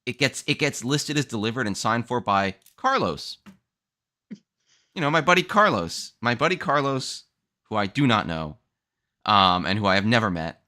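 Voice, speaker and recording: A man hosting a podcast, telling stories in a casual, animated, ranting way. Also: mid-range voice, moderate pace. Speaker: podcast host. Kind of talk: casual chat.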